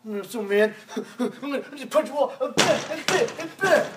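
A man's voice: extremely high pitch, animated, normal speed, noisy background, pitched above the performer's own voice. A man mimicking a hotheaded teenage boy who brags about punching walls, in a mocking, boastful tone.

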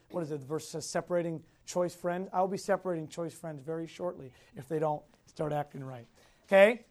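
A youth Bible teacher, a man whose voice sits high, leads a Sunday school class. He repeats the key points, poses questions, and chuckles often while sharing personal stories.

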